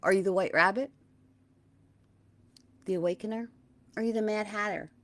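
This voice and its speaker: A middle-aged woman hosting a spiritual talk, gentle and dreamy, slowing on key words and sometimes dropping to a hush. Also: mid-range voice. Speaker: spiritual teacher and host. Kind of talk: soft-spoken spiritual talk.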